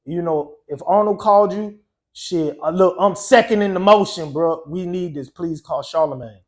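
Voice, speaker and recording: A man's voice: sits high, normal speed. A man, a guest DJ, telling a story in a loose, conversational way, often saying "you know" and "um". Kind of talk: casual storytelling.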